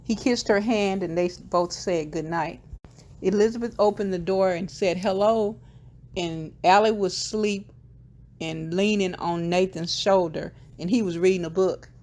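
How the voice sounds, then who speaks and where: A woman's voice: fairly low pitch, unhurried, darkish tone. A woman casually retelling a TV episode scene by scene, quoting the characters' lines in her ordinary voice, with the odd filler and self-correction. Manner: retells scenes step by step, quoting dialogue in plain voice. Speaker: TV episode recapper. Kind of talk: casual plot recap.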